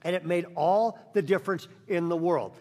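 Preaching in a large church auditorium, a guest pastor from Northern California tells the congregation a story and performs its characters' voices. He speaks high and a little mellow at a moderate pace, and the recording carries church hall reverb.

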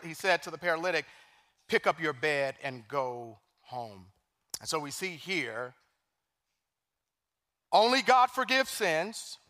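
A man preaching a sermon as pastor, animated, swinging from hushed scripture quotes to loud emphasis. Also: fairly high pitch. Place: church sanctuary.

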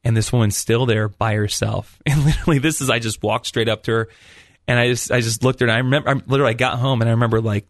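A man's voice: mid-range voice, fairly even intonation, quick pace, no room sound, studio quality. Earnest man sharing a faith story. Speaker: radio show co-host. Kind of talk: testimony and prayer.

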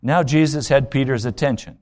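A man's voice: mid-range voice, brisk, darkish tone. A man preaching a sermon as a pastor, retelling scripture scenes and acting out the dialogue, then pressing the congregation with pointed rhetorical questions.

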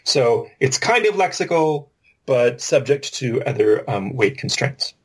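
A man co-hosting a podcast, with a slightly husky voice at a middle pitch. He explains patiently and thinks out loud, laying out one point after another in a relaxed, conversational way. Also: unhurried. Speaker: podcast co-host. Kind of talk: casual linguistics discussion.

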